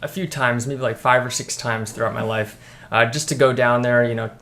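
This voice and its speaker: A young man from the United States, a guest in a casual chat with a friend. He talks in a relaxed way with a mid-range voice, though he hesitates often and restarts his sentences. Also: medium pitch, fairly quick, slight background noise. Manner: hesitant, many ums and restarts.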